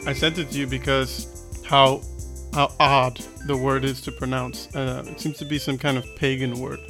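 A man co-hosting a casual podcast, reading trivia aloud with frequent fillers and stumbles, then correcting himself. His pitch sits in the middle, and faint music plays under him. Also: level tone, normal speed, a bit bright. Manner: reads facts aloud with hesitations and self-corrections. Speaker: podcast co-host. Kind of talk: casual chat.

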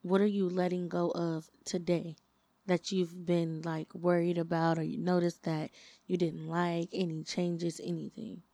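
A woman's voice: lowish voice, level tone, unhurried, dark tone, dry recording. A young woman co-hosting a podcast, blunt and brash in casual chat. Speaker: podcast co-host.

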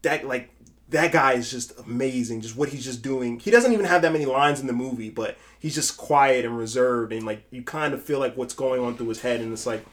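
Animated, profane young man on a podcast. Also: medium pitch, fairly quick. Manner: animated, profane, acts out film quotes. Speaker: podcast co-host. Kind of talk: casual podcast chat.

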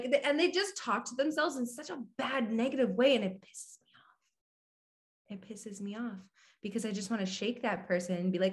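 This woman's voice is high-pitched and moves at a moderate pace as she hosts a casual motivational podcast. Candid and blunt, she swears offhandedly and keeps turning to listeners to ask if they agree with her.

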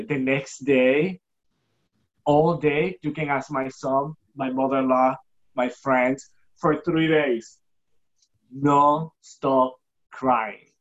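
A guest giving an emotional personal testimony, halting and repeating words for emphasis, acting out remembered dialogue. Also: lo-fi sound. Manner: acts out quoted dialogue with shifting pitch. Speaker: guest telling a personal story.

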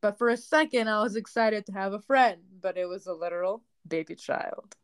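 A woman's voice: medium pitch, normal speed, clean tone. A woman, co-hosting a podcast in casual chat and acting out the voices in her stories. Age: 20s. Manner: animated storytelling, acts out quoted voices. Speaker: podcast co-host.

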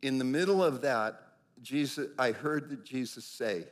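A middle-aged man preaching, a pastor telling a lively personal story in sermon style. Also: unhurried. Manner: animated storyteller, acts out quotes with big pitch jumps.

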